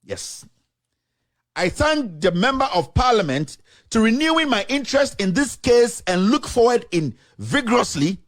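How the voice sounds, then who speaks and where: A man's high voice, recorded dry, carries a Ghanaian accent. Working as a journalist, he presents documents in animated commentary to camera, reads official statements aloud with emphasis, and slips into a local language.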